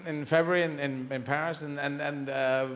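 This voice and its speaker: A man doing stand-up comedy on a big theatre stage, rambling through quick asides. His voice sits a touch high and is picked up with a roomy echo. Faint noise runs underneath. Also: fairly even intonation.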